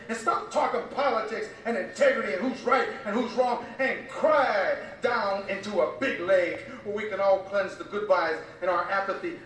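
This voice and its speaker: Man, spoken-word poem, impassioned rhythmic delivery, high voice, distant from the mic, faint background noise. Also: fairly bright tone. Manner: impassioned, rhythmic, repetitive cadence. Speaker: poet. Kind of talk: spoken-word poetry recitation. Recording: very echoey room, voice from afar.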